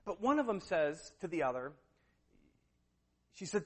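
A man preaching a sermon, retelling a story with lively swings between loud, emphatic lines and hushed ones. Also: sits high, measured pace.

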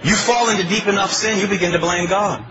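A man's voice: sits high, fairly even intonation, fast, dull audio, very noisy. A male pastor preaching a sermon in a pleading, emphatic way, asking his congregation questions. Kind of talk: expository sermon.

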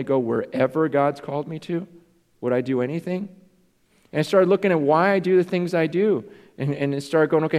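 Earnest pastor in a reverberant hall. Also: male voice, on the high side, darkish tone. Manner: earnest, confessional, self-questioning. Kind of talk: sermon. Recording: long reverb in a large hall.

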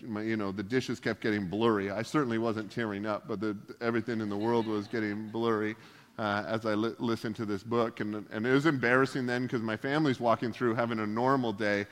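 A male pastor giving a casual sermon, full of joking, self-deprecating asides. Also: lowish voice. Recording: long hall reverb.

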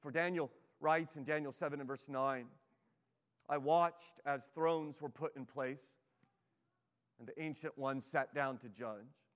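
A man's voice: fairly high pitch, measured pace, long reverb tail. A man preaching a sermon as pastor, earnest and emphatic, pleading with his listeners and reading scripture aloud.

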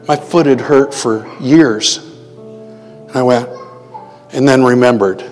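A male preacher shares a testimony from the pulpit in a relaxed, conversational voice at a middle pitch. He slows down and leans on key words when he quotes. A long reverb from a big hall trails behind each phrase. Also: soft background music. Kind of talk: sermon testimony storytelling.

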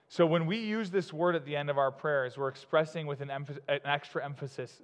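A man's voice: a little high, clear, resonant tone. Chatty male pastor in a reverberant hall. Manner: conversational, chatty preaching with fillers and quick laughs. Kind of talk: sermon.

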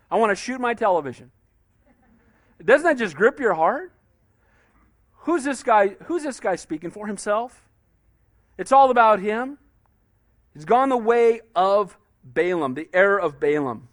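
A man's voice: high-pitched, animated, moderate pace, long pauses, no echo, studio quality. A man pastor preaching in a conversational style, often asking "Amen?" and acting out quotes. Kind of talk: sermon.

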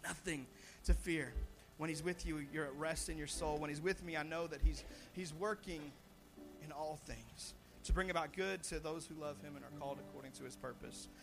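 A young man preaching a sermon as pastor, animated, with frequent restarts and repeated words, swelling loud on his points. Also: fairly high pitch, normal speed, gravelly, over music.

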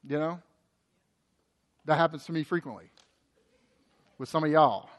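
A man preaching a sermon as pastor, impassioned, with a repetitive cadence that swings between loud emphasis and quiet intensity. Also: fairly high pitch, brisk, pauses often.

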